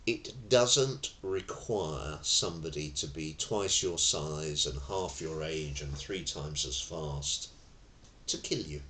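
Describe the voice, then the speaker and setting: A man teaching self-defence in a relaxed, anecdotal way, acting out the phrases he quotes. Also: rumbling low, slow, a little hiss or hum. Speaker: tai chi and self-defence instructor. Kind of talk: spoken lesson. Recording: roomy echo.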